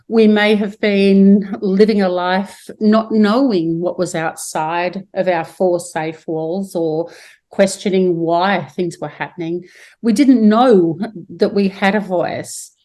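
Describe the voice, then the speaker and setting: A woman's voice: mid-range voice, slow pace, darkish tone. An Australian woman hosting a spiritual podcast over a video call, speaking in soothing, gushing affirmations. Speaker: podcast host.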